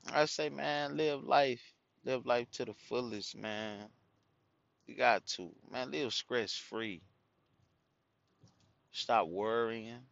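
A middle-aged father with a creaky, mid-range, fairly bright voice loosely rambles through casual stories for his followers. Cussing comes easily, and "man" shows up in almost every sentence. There's no room sound, and the highs are cut off.

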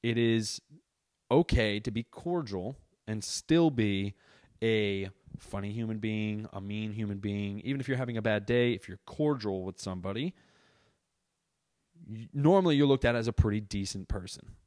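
A young adult man hosting a casual solo podcast, telling an animated, exaggerated story and swearing constantly while sitting on a couch indoors. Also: on the low side, normal speed. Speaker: podcast host.

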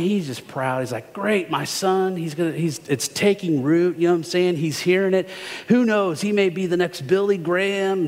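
A man's voice: on the high side, big-room sound. A man preaching a sermon as a guest speaker, chatty and joking, asking the congregation questions before reading scripture. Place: church sanctuary.

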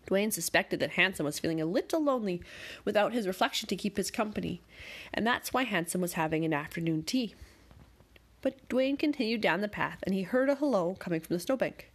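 A woman narrating a bedtime story in a calm, gentle, measured way. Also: medium pitch, slightly rough.

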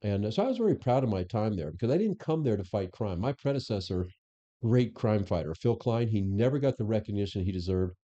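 A former police chief as a podcast guest, telling stories in casual conversation with frequent restarts. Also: male voice, on the low side, a little fast, lo-fi sound. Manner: animated storyteller who acts out quoted dialogue, frequent restarts. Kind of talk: casual interview storytelling.

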